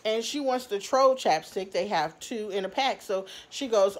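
A woman vlogger telling a story to her viewers, animated and laughing as she talks. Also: mid-range voice, measured pace. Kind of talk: storytime vlog.

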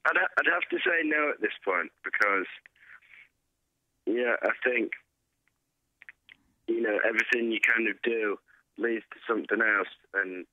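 A man's voice: lowish voice, bright, forceful tone, no room sound, rough recording. A young man being interviewed as a guest musician, answering in an easygoing, hesitant way with many fillers. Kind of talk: casual interview.

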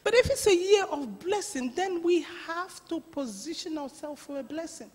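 A woman pastor preaching a sermon, telling a story with lots of laughter and animated voices. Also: extremely high pitch, normal speed. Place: church. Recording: reverberant church hall.

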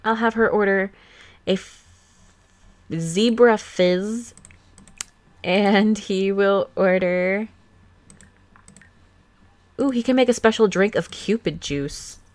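Brief: young woman, let's play host, chatty and giggly, filler-heavy, mid pitch, desktop mic. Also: takes it slowly, long pauses, a little mellow, no room sound. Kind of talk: casual gameplay commentary. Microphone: desktop USB microphone.

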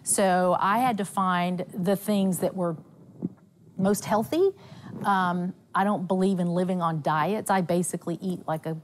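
A woman's voice: lowish voice, unhurried, a little hiss or hum. A woman from Nashville with a Southern accent, a guest telling stories about faith and health. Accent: Southern American. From Nashville, USA. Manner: animated storytelling with quoted voices.

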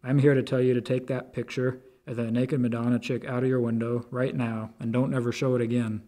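A man's voice: medium pitch, flat delivery, fairly quick, mellow, natural voice. A man voicing a stern, zealous young man who speaks bluntly and insistently in a storybook reading.

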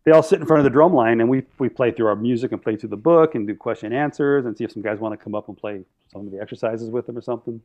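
A man telling stories on a podcast in a casual, animated way, acting out quotes and laughing often. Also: medium pitch, very fast, hardly any pauses, dull audio. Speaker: podcast guest, drum line instructor. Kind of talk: casual storytelling.

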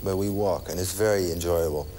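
A man being interviewed on a talk show, easygoing and halting, with restarts. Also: sits low, a crowd in the background. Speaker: guest.

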